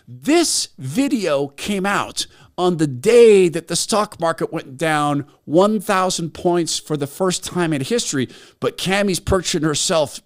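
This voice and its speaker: A man hosting his own talk show, delivering an opinionated monologue in a sarcastic, emphatic way. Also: a little high. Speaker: host.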